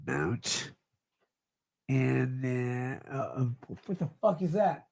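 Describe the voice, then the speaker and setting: A middle-aged man livestreaming, reading chat comments aloud in a slurred, rambling way that swings between mumbles and loud outbursts. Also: mid-range voice, sing-song, extremely slow. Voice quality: gravelly. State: drunk.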